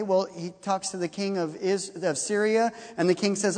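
A high-pitched man preaches to his congregation, retelling a story with animated energy and slipping into the voices of its characters. His voice rings out with a long reverb trailing behind it, as if it fills a large hall. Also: moderate pace. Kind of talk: sermon.

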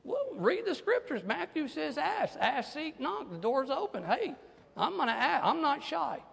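A man preaching a sermon as pastor, animated, swinging from hushed asides to loud declarations. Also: very high voice, unhurried, gravelly, big-room sound.

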